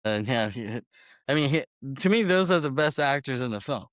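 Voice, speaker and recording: A man's voice: mid-range voice, lively intonation, moderate pace, a bit bright, no room sound, studio quality. A man co-hosting a podcast, casually retelling film scenes in a rambling way and laughing now and then. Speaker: podcast co-host.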